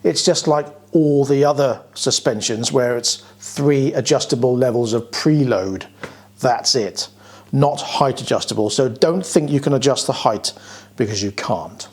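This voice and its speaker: A man's voice: medium pitch, a little slow, a little mellow, husky. A British man giving a casual, plain-spoken walkaround review of scooters, pointing out features as he goes.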